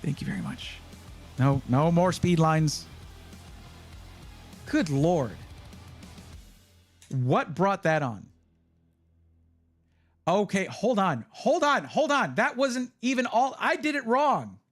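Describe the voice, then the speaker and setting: Excitable male streamer, high voice, hoarse, faint music underneath. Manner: excited, reads names in rapid bursts. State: voice going hoarse. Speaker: livestream host. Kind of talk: live stream chat.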